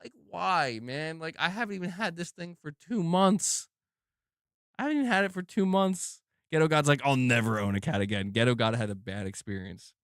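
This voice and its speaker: A man's voice: a little high, sing-song, normal speed, a bit bright, clear, resonant tone, dry recording, clean studio sound. A man streaming live, commenting on gaming news in a casual, slang-heavy, profane way. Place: home room.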